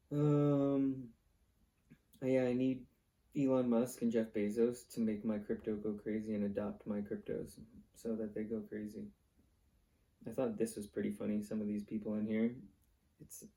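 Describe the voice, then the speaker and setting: A man's voice: on the low side, warm tone. A man, hosting his own vlog and ranting bluntly, swearing often and rambling from one point to the next. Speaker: vlog host. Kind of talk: casual ranting monologue.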